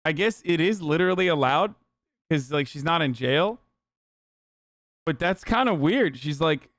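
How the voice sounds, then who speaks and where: A man's voice: on the high side, lively intonation, a little slow, long pauses, fairly bright tone, dry recording. A man in his thirties streaming a reaction, cursing and riffing sarcastically with mock impressions. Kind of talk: casual reaction commentary.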